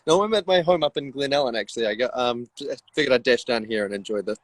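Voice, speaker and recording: A man with a New Zealand accent, a winegrower joining a live online tasting over a video call from outdoors, relaxed and easygoing. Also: medium pitch, fast talker. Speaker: winegrower, guest. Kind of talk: casual live-stream chat.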